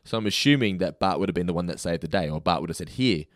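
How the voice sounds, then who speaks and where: A man's voice: sits low, very fast, no echo, clean studio sound. A man in his thirties hosting a podcast in casual chat, laughing easily and stumbling over words. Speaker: podcast host.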